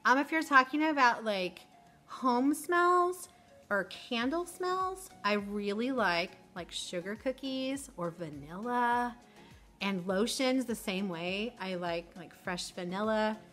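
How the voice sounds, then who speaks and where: A woman's voice: a little high, lively intonation, slow, sharp tone, soft background music. A middle-aged woman teacher vlogging casually, chatty and candid, sentimental. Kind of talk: casual get-to-know-me chat.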